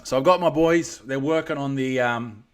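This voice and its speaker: A man's voice: mid-range voice, moderate pace. Rambling Australian man on a live stream. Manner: rambling, swears, reads out viewer comments. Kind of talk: casual live-stream chat.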